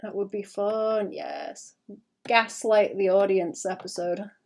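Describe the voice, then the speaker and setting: A woman's voice: mid-range voice, fairly even intonation, slow, darkish tone. Rambling British woman streaming her art. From Britain. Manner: rambling, self-mocking, often trails off to mutter. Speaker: streaming artist. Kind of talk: casual stream chat while drawing.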